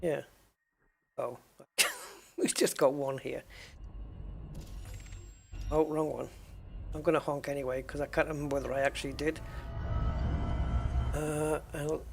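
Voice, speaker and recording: A man's voice: on the high side, creaky. An English man streaming a game, chatting casually with viewers in a musing, hesitant way with many restarts. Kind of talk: casual livestream chat with viewers.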